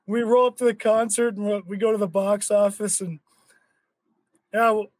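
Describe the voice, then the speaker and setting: High-voiced young man, excitable storyteller. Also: moderate pace, no echo. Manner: animated storyteller, swears, acts out quotes. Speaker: podcast host. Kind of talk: casual chat.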